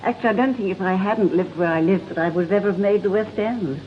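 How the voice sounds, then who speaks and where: A woman's voice: mid-range voice, fast talker. An older woman from England, a guest on a talk show, telling stories in a chatty way and laughing often. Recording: dull lo-fi broadcast with faint hiss.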